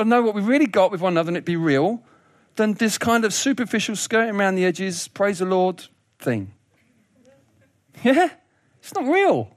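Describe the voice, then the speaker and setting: Guy preaching, fairly high voice, jokey and animated, laughs a lot, dry close sound. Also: no echo. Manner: lively, humorous, laughs often, repeats words. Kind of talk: sermon.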